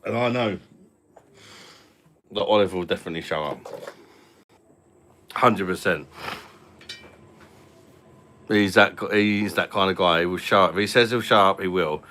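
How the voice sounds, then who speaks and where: Very deep-voiced man, forceful. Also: a little slow, long pauses. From London. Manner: rambling, chatty, full of fillers and repeats. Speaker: live-stream host. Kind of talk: casual live-stream chat.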